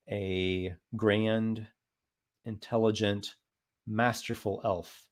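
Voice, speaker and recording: Soft-spoken man chatting on a stream. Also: low-pitched. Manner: rambling, thoughtful, many fillers. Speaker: live stream host. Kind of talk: casual live-stream chat.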